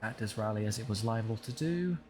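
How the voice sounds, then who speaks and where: A man's voice: on the low side, expressive, fairly quick, a little mellow, slight background noise. A young man commentating his own strategy game, talking to his units with wry frustration over a desk microphone. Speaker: gaming channel host. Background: game music.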